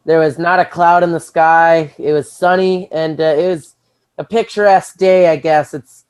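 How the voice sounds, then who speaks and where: A radio producer from Texas answering casually as a guest, relaxed and easygoing. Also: mid-range voice, moderate pace, clean tone. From Texas, USA.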